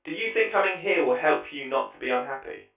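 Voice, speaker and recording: A man's voice: on the high side, expressive, brisk, soft background music, pitched above the performer's own voice. A man voicing a robotic therapist chatbot through a robot filter, answering in short questions. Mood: mechanical. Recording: phone-like tinny filtered sound.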